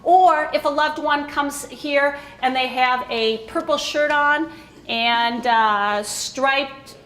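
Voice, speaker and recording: Her voice sits high and a bit bright, and she speaks slowly in an echoey room. Addressing a room of caregivers at an education talk, she keeps things informal and conversational, frequently pausing to ask "okay?"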